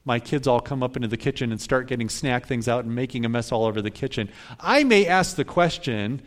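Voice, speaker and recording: A man's voice: medium pitch, expressive, normal speed. A man preaching a sermon in a conversational way, often checking in with listeners by asking "right?". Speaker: pastor.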